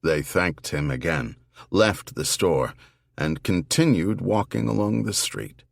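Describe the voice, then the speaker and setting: A male audiobook narrator with a deep, low voice and an unhurried pace. His reading is measured but expressive, and the pitch moves a good deal. It is recorded dry and close in a studio booth. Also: gravelly, no echo. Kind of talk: scripted narration.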